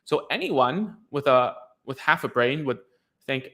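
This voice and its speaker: A man talks parents through their child's speech habits in a relaxed, informal advice video. He rambles a little, restarts his sentences and drops in casual slang. His voice sits at an everyday middle pitch. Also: a little slow. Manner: loose and chatty, lots of fillers and restarts, says "dude". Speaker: speech therapy coach answering parents' questions.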